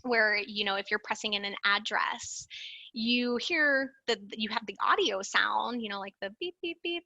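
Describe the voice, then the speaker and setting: Bright, crisp woman giving a talk. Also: mid-range voice, dry recording, poor audio. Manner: conversational, uses many fillers, stresses key words with inflection. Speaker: alumni presenter. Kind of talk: slide presentation talk.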